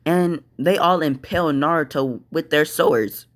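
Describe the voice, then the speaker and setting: A man telling an improvised fan story, slow and halting, with fillers. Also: a little high.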